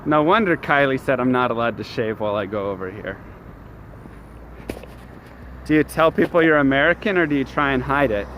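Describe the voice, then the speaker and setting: A man's voice: mid-range voice, animated, brisk, long pauses, highs cut off. A man streaming live while walking outdoors, chatting casually and answering his chat. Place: city street outdoors. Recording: street noise behind.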